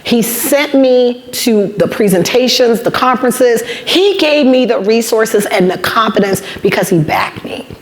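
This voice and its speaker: Animated woman telling a lively story. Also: a little high, measured pace, few pauses. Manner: animated storyteller, acts out quoted dialogue; emphatic repetition. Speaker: guest speaker. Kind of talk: motivational talk to students.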